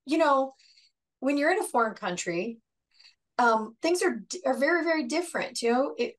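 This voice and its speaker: Calm higher-voiced woman co-host. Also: normal speed. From United States. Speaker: podcast co-host. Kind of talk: casual explaining.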